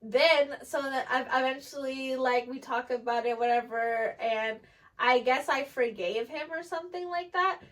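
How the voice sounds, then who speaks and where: A woman's voice: high-pitched, a little slow, fairly bright tone. A young woman telling a personal story in casual chat, candid and rambling, with frequent "like" and free swearing. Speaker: storyteller getting lashes done.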